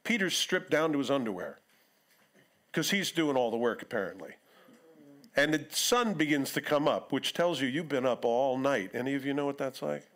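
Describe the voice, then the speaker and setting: A man's voice: mid-range voice, expressive, normal speed, fairly bright tone. A middle-aged male pastor giving a sermon in church, talking in a conversational way and acting out quotes in other voices.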